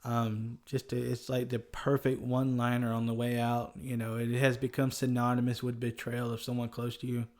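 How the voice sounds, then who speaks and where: A man with a Southern US accent, talking loosely and chuckling often as he hosts a history podcast. His voice is mellow and dark, and his pitch is middling for a man. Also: completely flat delivery, moderate pace, few pauses. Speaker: podcast host. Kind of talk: casual history podcast chat.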